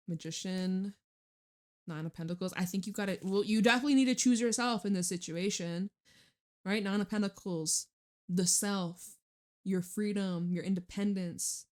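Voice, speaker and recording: A woman's voice: mid-range voice, fairly even intonation, moderate pace. A woman giving a casual tarot reading in a chatty, laughing way, full of fillers. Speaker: tarot reader.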